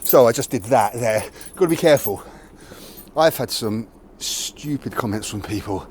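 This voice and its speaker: A man talks through a training drill outdoors in a plain, candid, unhurried way. His pitch sits in an ordinary middle range. Faint outdoor noise sits behind his voice. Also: expressive, a little mellow. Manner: plain, matter-of-fact, candid explanations. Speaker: martial arts channel host. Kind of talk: casual training demonstration to camera. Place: outdoors near a tree.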